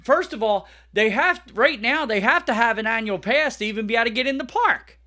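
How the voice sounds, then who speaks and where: A man co-hosting a podcast in casual chat, blunt and joking, getting loud when riled. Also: extremely high pitch, lively intonation, a little fast. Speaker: podcast co-host.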